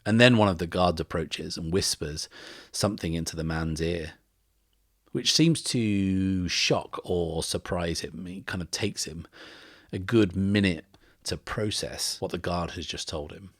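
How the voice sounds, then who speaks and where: A man hosting a podcast and narrating a solo tabletop game in a relaxed, descriptive way. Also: low-pitched, measured pace, husky, no room sound, studio quality. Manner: relaxed, descriptive, uses fillers. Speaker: host and game master.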